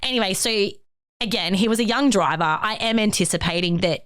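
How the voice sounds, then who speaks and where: A young woman on a podcast, telling a personal story in a lively way. She swears freely and acts out what other people said. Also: medium pitch, fairly quick, clean tone, dry recording, clean studio sound. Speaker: podcast co-host. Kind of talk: casual chat, personal storytelling.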